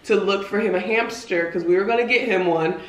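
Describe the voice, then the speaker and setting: A woman's voice: mid-range voice, brisk, echoey room. A woman in her twenties, a vlogger and mother, chatting casually with her young son over food, playful and laughing often. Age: 20s. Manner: playful, laughs often, talks gently to a child.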